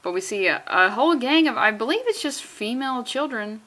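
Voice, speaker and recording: A woman's voice: a little high, lively intonation, fairly quick, pushed and bright. A young woman giving a rambling, sarcastic comic book commentary with profane asides. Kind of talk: casual comedic commentary.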